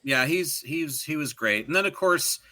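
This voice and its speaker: Bright-voiced digressive man chatting. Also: a little high, normal speed. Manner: digressive, animated storyteller who does joke voices. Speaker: podcast co-host. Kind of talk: casual chat.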